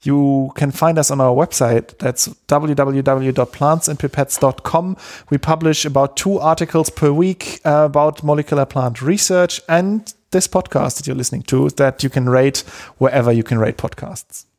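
A man's voice: fairly high pitch, moderate pace, a little mellow. Easygoing man co-hosting a podcast. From Germany. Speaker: podcast co-host. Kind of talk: casual chat.

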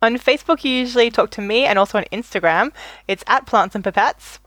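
A woman's voice: fairly high pitch, brisk, fairly bright tone, no room sound. A woman co-hosting a podcast, chatting casually and laughing often. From Australia. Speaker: podcast co-host. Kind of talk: casual chat.

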